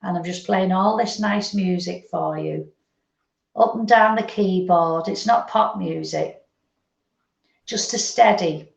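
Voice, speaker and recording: A woman working as a medium, gently relaying messages in a meandering way during a live spiritual reading. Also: on the low side, a little slow, gravelly. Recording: roomy, dull lo-fi sound.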